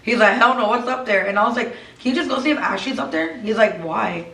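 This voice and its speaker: A woman recounts a spooky story to her sisters, switching freely between English and Spanish. She sounds roomy and sits some distance from the mic. Her pitch sits in a middle range for a woman. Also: quick pace, fairly bright tone. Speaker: co-host. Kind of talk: casual storytelling chat.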